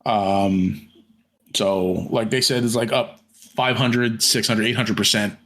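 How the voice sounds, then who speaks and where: A man's voice: lowish voice, steady tone, slow, a bit bright. A man co-hosting a podcast in casual chat, rambling with many fillers and restarts and some casual swearing. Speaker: podcast co-host.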